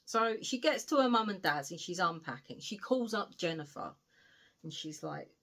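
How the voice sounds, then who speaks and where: A British woman giving a casual spoiler recap of a novel she reviews, retelling it in an animated way with cheeky asides and the odd swear word. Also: lowish voice, normal speed. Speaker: book reviewer.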